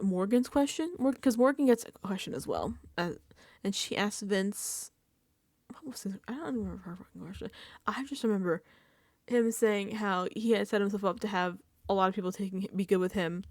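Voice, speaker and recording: A woman hosting a casual reality TV recap vlog, animated and emphatic, dropping into whispered asides and swearing casually. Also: medium pitch, normal speed, dry recording, clean studio sound.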